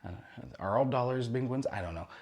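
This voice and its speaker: A man's voice: medium pitch, fairly quick, darkish tone. A young man hosting a casual cruise news roundup, chatty and rambling, with jokey asides and frequent self-corrections.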